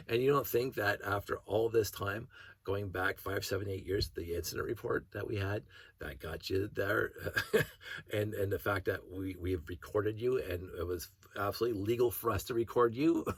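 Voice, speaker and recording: A man with a low, gravelly voice tells a story in a loose, rambling monologue, often restarting his sentences and slipping in short laughs. His tone is husky. The sound is dry and close, with no room echo. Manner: rambling, self-interrupting storyteller who laughs between thoughts. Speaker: hobby vlogger.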